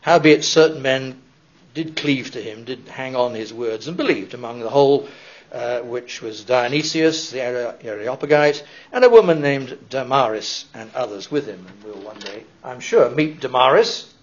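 A man of medium pitch and normal speed preaches a sermon, reading and explaining scripture conversationally. He's animated, with asides and restarts, and the lo-fi recording sounds dull.

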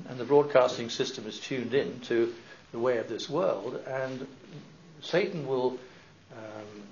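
A man preaching a sermon, reading and explaining scripture in a conversational way, with asides. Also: a little high. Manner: animated and conversational, with asides and restarts. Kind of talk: sermon, Bible teaching. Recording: dull lo-fi recording.

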